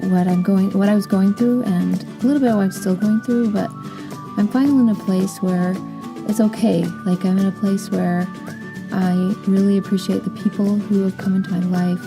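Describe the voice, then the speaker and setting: A woman's voice: medium pitch, steady tone, moderate pace, gravelly, over music. A woman in her thirties hosting a podcast, chatting casually with a giggly, restarting way of talking. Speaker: podcast host.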